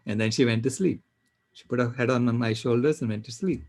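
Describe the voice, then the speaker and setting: An older man on a panel, telling a personal story with animated, emphatic delivery. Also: medium pitch, normal speed, no echo. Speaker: panel speaker.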